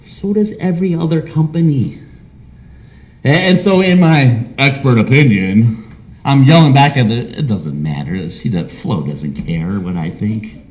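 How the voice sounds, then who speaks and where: A man's voice: medium pitch, unhurried. A man preaching a sermon as pastor of a small church, with a Midwestern American accent, who acts out imagined conversations. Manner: animated, acts out imagined dialogue.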